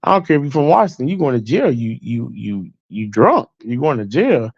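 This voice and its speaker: Guy doing a bossy cop voice, higher than his own, firm and blunt. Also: fairly even intonation, moderate pace, vocal fry, dry recording, lo-fi sound, close to an everyday voice. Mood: stern. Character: stern male police officer arresting a drunk.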